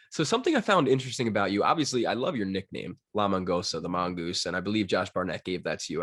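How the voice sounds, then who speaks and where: A man's voice: lowish voice, dry recording, studio quality. A man hosting an interview in an easygoing, casual way, laughing along with his guest. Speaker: podcast host.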